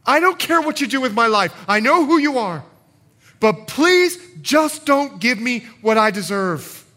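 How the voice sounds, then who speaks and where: A preacher acting out a pleading humble beggar. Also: male voice, high-pitched, sing-song, takes it slowly, pushed and bright, exaggerated voice. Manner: pleading, desperate. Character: humble pleading male beggar crying out for mercy.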